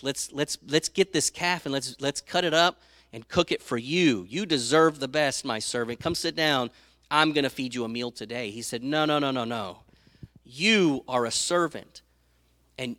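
A man preaching a sermon, retelling Bible stories with lively acted-out voices and reading scripture aloud. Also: mid-range voice, dry recording, studio quality. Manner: animated storytelling, acts out quoted speakers; reads scripture aloud in old-fashioned wording.

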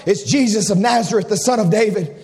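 A man preaching who voices a gentle, kind-hearted woman, heard on an archive sermon recording. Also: high-pitched, fairly quick, creaky.

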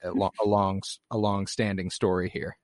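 A man's voice: low voice, brisk, no echo. A young man co-hosting a casual movie-review chat, rambling and swearing easily, with lots of fillers. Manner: relaxed, rambling, profane, filler-heavy. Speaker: podcast co-host.

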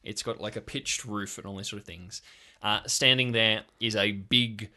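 A man's voice: on the low side, fairly even intonation, normal speed, sharp tone. A man narrating a tabletop game as game master, loose and hesitant with fillers.

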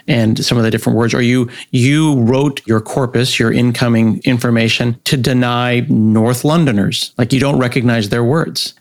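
A middle-aged American man talking through ideas in an interview, rambling and animated, slipping into acted-out quotes. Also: medium pitch. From United States. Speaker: guest software developer. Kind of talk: conversational interview.

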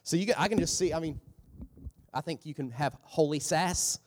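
A male pastor preaches in a loose, humorous way, with a voice pitched a little above most men's. He keeps tossing in asides and jumps into short voiced impressions. A long reverb from a large hall trails behind every phrase. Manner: animated, joking asides with quick voiced impressions. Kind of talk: sermon.

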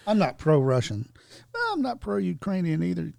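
A man's voice: high voice, huge pitch swings, moderate pace, vocal fry, a little mellow, dry recording, clean studio sound. A man in casual chat who speaks hesitantly with many ums and uhs and a wry edge.

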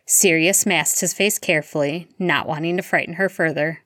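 Woman reading a story, low and dry. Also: fairly even intonation, moderate pace, hardly any pauses, fairly bright tone, no echo. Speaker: audiobook reader. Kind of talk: reading fan fiction aloud.

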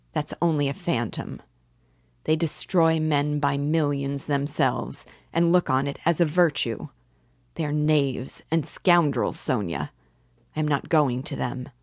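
A woman's voice: deep voice, no room sound, studio quality. A woman reading aloud, voicing a bitter, proud young man who talks gloomily and defiantly. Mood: brooding defiant.

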